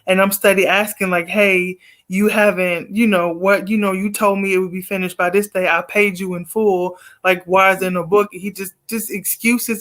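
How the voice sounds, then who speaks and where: A man's voice: high voice, steady tone, normal speed, few pauses, a bit bright. A man guest on a video call telling a long story casually, rambling with fillers and acting out quoted exchanges. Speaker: guest poet.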